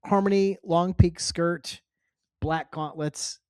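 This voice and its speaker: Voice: mid-range voice, fairly even intonation, slow, a little mellow, clear, resonant tone, no room sound. Wry podcast co-host on a dry mic. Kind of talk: casual chat, episode recap.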